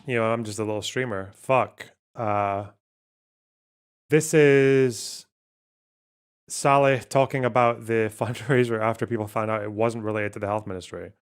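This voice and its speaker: A man's voice: lowish voice, fairly even intonation, smooth. A man streaming live, commenting casually on the news, swearing and laughing often, reading out translated lines as he goes. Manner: casual, profane, laughs often, self-mocking; reads translations aloud haltingly.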